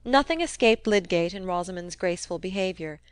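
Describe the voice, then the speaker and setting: Woman reading an old novel, steady and measured, dry close sound. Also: on the low side, clear, resonant tone, dry recording. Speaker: audiobook reader. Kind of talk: scripted narration.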